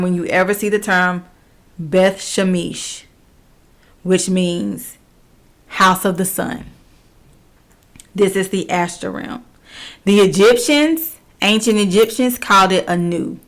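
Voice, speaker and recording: A woman giving a spiritual lesson to her viewers, repeating her points and often checking in with "okay?". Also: medium pitch. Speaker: spiritual teacher. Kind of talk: instructional talk.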